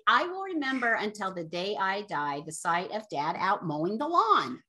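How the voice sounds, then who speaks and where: A woman with a bright, lively voice co-hosts a casual podcast, trading family stories with her sister. Her pitch swings widely, and she laughs easily as she prompts her sister. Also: moderate pace, slight background noise. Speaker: podcast co-host. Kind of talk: casual storytelling chat.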